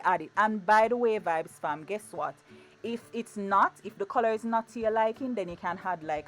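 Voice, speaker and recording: A woman giving a chatty, playful cooking demonstration in her home kitchen, often repeating her words. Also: on the low side. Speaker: cooking vlogger.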